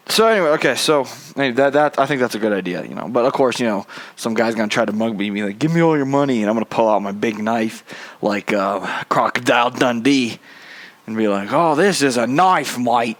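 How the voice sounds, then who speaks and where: A young man hosting his own show, talking in a loose, rambling monologue full of casual swearing and self-mocking asides. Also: medium pitch. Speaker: podcast host.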